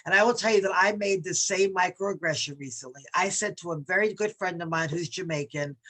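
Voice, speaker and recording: A woman's voice: on the low side, fairly quick, few pauses, a bit bright. A woman from New York leading a workshop on bias, talking conversationally and reading quotes aloud with emphasis. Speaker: diversity workshop presenter.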